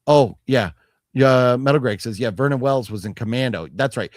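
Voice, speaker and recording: A man's voice: medium pitch, normal speed, dry recording, clean studio sound. A man co-hosting a casual show about a movie haul, rambling with restarts, swearing freely and reading product blurbs aloud. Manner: restarts sentences, hedging fillers. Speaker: co-host of a physical media haul show. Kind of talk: casual chat.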